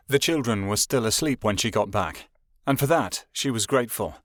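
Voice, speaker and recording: A man reading a fantasy audiobook as narrator, in a steady, measured way. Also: fairly low pitch, dry recording, clean studio sound. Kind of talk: scripted narration.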